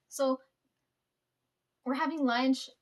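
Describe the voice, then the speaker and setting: Young woman with a high voice, rambling, swearing a lot, laughing thru her story. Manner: rambling, profane, laughs often. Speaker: vlogger. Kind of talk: casual storytelling.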